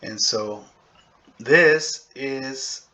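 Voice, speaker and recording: A man teaching a casual video lesson on a language, thinking aloud with fillers and checking in with "okay?" and "right?", and slowly sounding out example words. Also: medium pitch, bright, forceful tone, dull audio.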